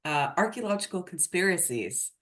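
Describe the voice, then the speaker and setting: Woman host, lowish voice, giggly and chatty. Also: lively intonation, normal speed. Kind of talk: casual chat.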